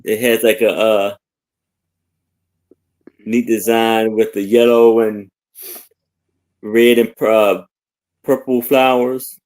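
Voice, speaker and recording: A man describes vintage items on a live sale chat, halting often and speaking at a slow pace. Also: fairly low pitch, little pitch movement, a little mellow, poor audio.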